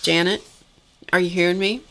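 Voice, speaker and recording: This middle-aged woman's voice is lowish and sharp, with fairly even intonation and a moderate pace. Chatting casually on her craft live stream, she opens happy mail, exclaims over gifts, and talks to viewers, a bit tired and coughing occasionally.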